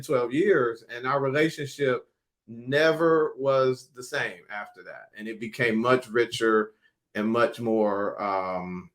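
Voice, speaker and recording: Middle-aged man telling a family story. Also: mid-range voice. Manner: warm storyteller, acts out quoted voices. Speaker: moderator. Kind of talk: storytelling in a panel discussion.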